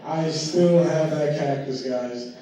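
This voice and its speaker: A man's voice: on the high side, slow pace, mellow. A man doing a stand-up comedy set on a live stage, telling a story loosely and with plenty of swearing, acting out his own reactions as he goes. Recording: distant, echoey live stage audio.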